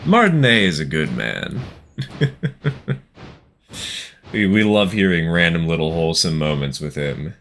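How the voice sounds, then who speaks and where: Lively, jokey low-voiced man. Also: unhurried, gravelly, long pauses, slight background noise. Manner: jokey and animated, laughs often. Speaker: streamer. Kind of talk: casual chat with viewers.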